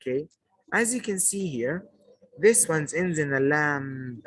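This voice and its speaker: A man's voice: a little high, expressive, slight background noise, low-quality recording. A man teaching a poetry lesson to a class, asking questions and praising the answers, and repeating key points. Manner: slow, repetitive teaching delivery.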